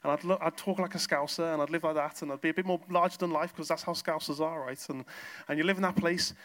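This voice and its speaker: Bright-voiced pastor preaching. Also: male voice, on the high side, fairly even intonation, fast talker. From south coast of England. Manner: storytelling, acts out exchanges in quoted voices. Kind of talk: sermon. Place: church.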